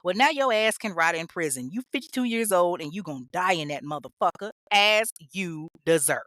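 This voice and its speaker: A woman's voice: lowish voice, expressive, brisk, fairly bright tone, dry recording, studio quality. A woman hosting a true crime podcast, ranting bluntly and scolding with heavy profanity. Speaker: podcast host.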